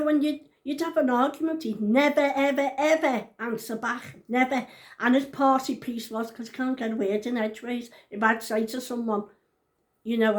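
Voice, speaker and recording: A woman in her sixties telling her story to camera in a casual vlog. She is blunt and outspoken, swears freely and repeats her points for emphasis. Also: high-pitched. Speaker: vlogger.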